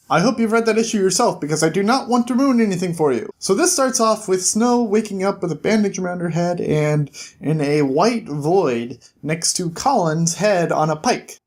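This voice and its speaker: A man's voice: high voice, expressive, moderate pace. A man hosting a casual comic-book review, retelling the plot in a goofy, chatty way. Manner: goofy, chatty, acts out quotes.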